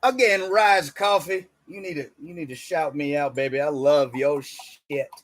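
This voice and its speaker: A man delivering a profane, emphatic motivational rant about diet and spirituality, swinging between loud bursts and muttered asides. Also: fairly high pitch, unhurried. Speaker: self-help speaker.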